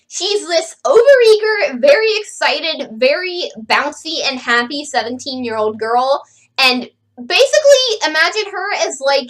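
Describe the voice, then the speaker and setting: A woman with a high, bright voice reviews books in a casual video, talking in a chatty, opinionated way. Her tone is sarcastic. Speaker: book reviewer.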